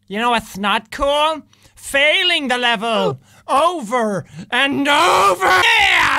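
A man giving loud, excitable let's-play commentary, shouting, swearing and joking as he plays. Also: very high-pitched, slow, gravelly. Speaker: gaming video host. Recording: noisy recording.

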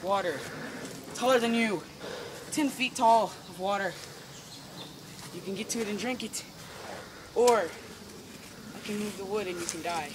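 A young man playing a menacing mysterious stranger in the woods, speaking slow and threatening in an amateur outdoor video drama. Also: sits high. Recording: outdoor camera mic with noise.

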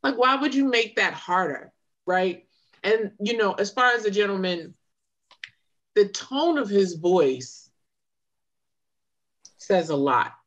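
A woman co-hosting a podcast discussion, animated and indignant, acting out the exchanges she retells. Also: medium pitch, slow pace, long pauses. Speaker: podcast co-host. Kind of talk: casual discussion.

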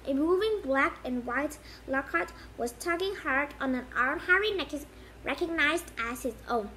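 Bright-voiced woman reading a storybook aloud. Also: high voice, a little hiss or hum, rough recording. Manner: reads with frequent restarts. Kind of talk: amateur audiobook reading.

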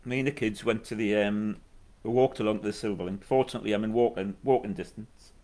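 A man's voice: lowish voice, steady tone, fast talker, a little mellow. A middle-aged man, chatting casually and wryly between songs as a musician hosting his own live stream. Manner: rambling, wry and self-mocking. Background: acoustic guitar.

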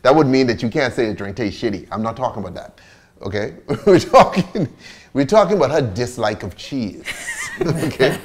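Animated swearing male show host. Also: medium pitch, moderate pace. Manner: animated, profane, laughing often. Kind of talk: casual chat. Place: home bar studio.

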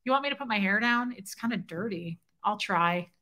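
A woman's voice: mid-range voice, animated, brisk, bright, forceful tone. A woman hosting a casual livestream from home, animatedly retelling a story and thanking viewers by name. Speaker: livestream host. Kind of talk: casual live-chat storytelling.

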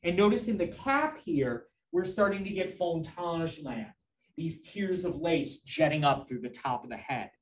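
A man giving a live class lecture on slides, enthusiastic, often pointing things out and checking in with the listeners, and answering student questions conversationally. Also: on the high side. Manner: enthusiastic, keeps prompting listeners with "notice" and "right?". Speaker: lecturer on fashion history.

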